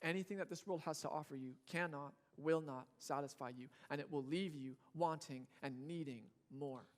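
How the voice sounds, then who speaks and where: A man's voice: a little high, normal speed. A young man preaching a sermon in a church, casual and joking, acting out what people and babies say. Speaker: pastor.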